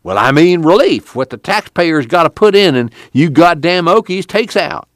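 Casting: a man doing a tubby migrant, rambling and profane, voice climbing high, dry and close. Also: lively intonation, normal speed, no echo, natural voice. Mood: indignant. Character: tubby, talkative male migrant worker.

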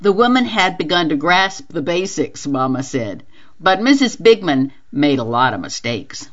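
A woman volunteer reads a novel aloud in a steady, expressive manner. Her voice sits low but moves with lively pitch. The audio is dull and lo-fi, like a radio reading. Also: normal speed.

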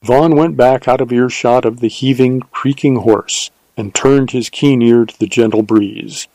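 A male narrator reading a western novel in a measured, unhurried storytelling voice. His tone is mellow and warm, and the recording is dry and close, with no room sound. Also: mid-range voice, fairly even intonation, dry recording, low-quality recording. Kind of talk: scripted audiobook narration.

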